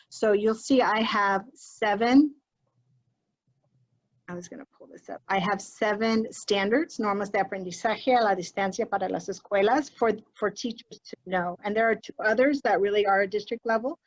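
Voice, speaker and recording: A woman leading an online workshop for teachers in a chatty, encouraging way, mixing in Spanish phrases, recorded on a computer mic during a video call. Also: medium pitch. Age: adult with a child. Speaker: teacher leading a training for educators.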